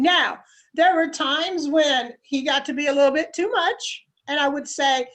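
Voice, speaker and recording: A woman's voice: high-pitched, a little slow, fairly bright tone. A mother and life coach earnestly giving parenting advice, acting out what she says to her child. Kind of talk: animated advice talk.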